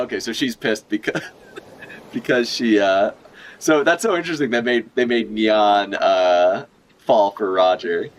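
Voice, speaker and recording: A young man giving excited, joking live reaction commentary, swearing freely and laughing a lot. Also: fairly low pitch, measured pace. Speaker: manga reaction streamer.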